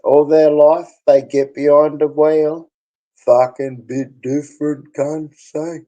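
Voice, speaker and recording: A man's voice: fairly high pitch, level tone, slow pace, mellow, dull audio. A middle-aged Australian man talking crudely and boastfully in casual chat, laughing often. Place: bar.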